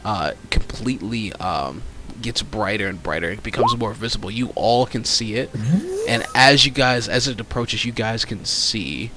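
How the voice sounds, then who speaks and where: A man narrating as game master of a tabletop role-playing session, pausing often with fillers as he describes the scene. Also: lowish voice, background noise. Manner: hesitant, lots of fillers.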